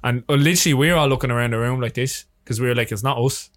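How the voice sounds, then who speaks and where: An Irish man, a filmmaker guest on a podcast, chatting casually and telling animated stories with plenty of swearing. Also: medium pitch, very fast. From Ireland. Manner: swears freely, animated storytelling. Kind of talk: casual chat.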